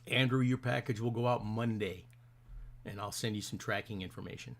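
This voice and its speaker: A man's voice: on the low side, fairly even intonation, fairly quick, creaky. A middle-aged man hosting a casual live stream, rambling in a friendly way and greeting his viewers by name.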